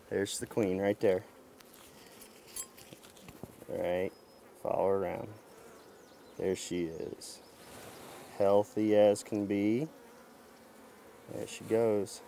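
A man vlogging outdoors as he works a beehive, talking to the camera in an excited, folksy way. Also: low voice, takes it slowly, vocal fry, long pauses, a little hiss or hum. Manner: excited, folksy, talks to camera while handling hives. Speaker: beekeeper vlogger. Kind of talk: casual outdoor narration while working. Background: buzzing bees.

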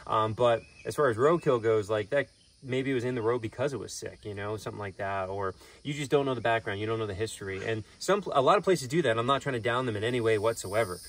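A man's voice: on the low side, quick pace, recorded from a distance. A young man who keeps an animal sanctuary, chatting casually in a vlog and rambling with lots of fillers, recorded outdoors. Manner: relaxed, rambling with many fillers.

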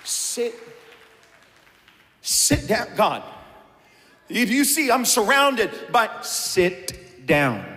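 A male pastor preaching a sermon, dropping to a hush and rising to shouts, acting out a scene on stage. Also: extremely high pitch, expressive, drawn-out words, long pauses, long reverb tail, some chatter behind. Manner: swings from hushed to shouting. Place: church sanctuary.

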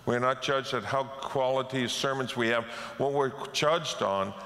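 Gravelly-voiced pastor preaching in a hall. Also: male voice, medium pitch, normal speed, fairly bright tone. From Canada. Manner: storytelling with acted-out quotes. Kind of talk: sermon. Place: church sanctuary. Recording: echoey church hall.

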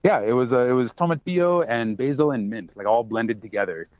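A man's voice: mid-range voice, brisk, dry recording. Rambly bartender guy chatting on a podcast, lots of uh and like, kinda muffled dry audio. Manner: rambling and talkative, with many fillers and restarts. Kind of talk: casual chat. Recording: dry, slightly dull sound.

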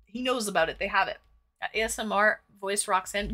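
A woman's voice: medium pitch, fairly quick, sharp tone. A woman streaming herself painting, chatting casually, reading viewer comments aloud and cracking crude jokes. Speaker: livestreamer reading chat. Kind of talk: casual livestream chat while painting.

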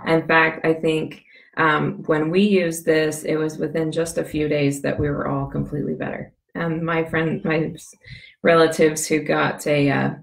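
Lady with a scratchy cough voice, kinda low and gravelly, rambling through a how-to demo, echoey room. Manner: rambling, chatty, with many fillers and restarts. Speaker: essential oil demonstrator. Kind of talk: casual how-to demonstration.

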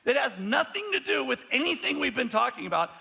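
A male pastor preaching a sermon, telling a story in an animated way, often restarting his sentences. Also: extremely high pitch, brisk, gravelly.

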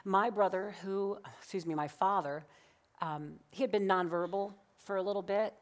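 A middle-aged woman minister preaching a sermon, telling a personal story with lively acted-out dialogue and frequent laughter. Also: medium pitch, normal speed. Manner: animated, acts out quoted dialogue, laughs often. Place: church sanctuary.

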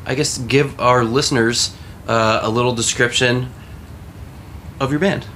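A man's voice: medium pitch, steady tone, unhurried, a bit bright, slight background noise. A man hosting a casual podcast, loose and joking, laughing between lines. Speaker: podcast host.

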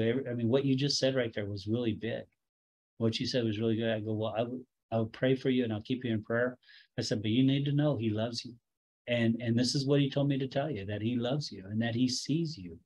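A man's voice: mid-range voice, rough recording. A middle-aged man, a Messianic rabbi, telling a story in a casual, conversational sermon, often correcting himself and chuckling. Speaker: Messianic rabbi teaching a Bible study.

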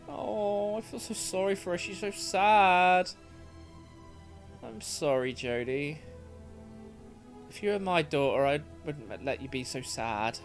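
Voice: mid-range voice, lively intonation, takes it slowly, pauses often, faint music behind. A gaming streamer with a British accent, giving sweary, jumpy, chatty commentary over a game. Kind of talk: let's play commentary.

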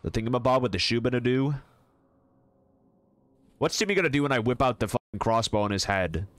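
A man's voice: medium pitch, lively intonation, fairly quick. A young man streaming a video game and chatting casually with his viewers, goofy and joking, repeating himself and swearing. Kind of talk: casual gaming stream chat.

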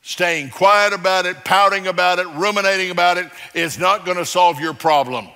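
A man preaching a sermon with a bright, forceful voice that sits a little high. He is emphatic, swinging from loud declarations to quiet, low passages. The sound carries a long reverb from a church hall. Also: moderate pace, clean tone. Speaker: pastor. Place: church sanctuary.

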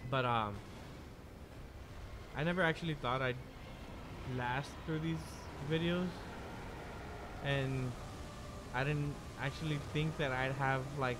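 A man's voice: mid-range voice, slow, pauses often. Chatty young man with a noisy background. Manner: chatty, excitable, swears. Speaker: co-host. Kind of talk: casual let's-play chat.

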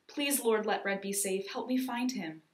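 A woman's voice: mid-range voice, moderate pace, roomy sound, natural voice. Woman voicing an earnest praying boy. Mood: pleading. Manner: earnest and pleading. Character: earnest young boy, prayerful and brave.

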